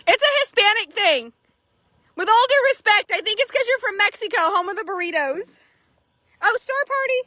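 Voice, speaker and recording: Woman, horse trader, casual chat, animated storyteller, swears, dry close sound. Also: very high-pitched, normal speed, no room sound.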